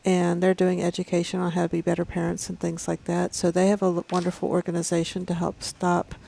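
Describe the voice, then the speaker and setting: A woman's voice: fairly low pitch, monotone, brisk, gravelly, dark tone, slight background noise. A woman co-hosting a morning talk show, earnestly explaining things in plain words. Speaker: co-host. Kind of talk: casual chat.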